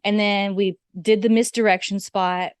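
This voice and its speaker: A woman guest in an interview, telling stories in a lively, animated way and acting out the quotes. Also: normal speed, clean tone, no room sound, studio quality. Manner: animated, acts out quotes with big pitch jumps. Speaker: guest, former wrestler. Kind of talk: casual interview storytelling.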